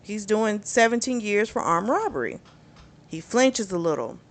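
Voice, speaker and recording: A woman's voice: mid-range voice, big pitch swings, normal speed. A woman casually retelling a novel's plot as a book reviewer, quoting the characters in her own voice and adding blunt reactions of her own. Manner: chatty, conversational retelling with frequent fillers.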